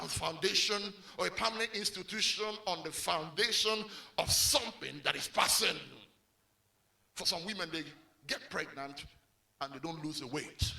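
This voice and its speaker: A male pastor preaching a sermon, animated and full of call-and-response prompts to the congregation. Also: fairly high pitch, gravelly.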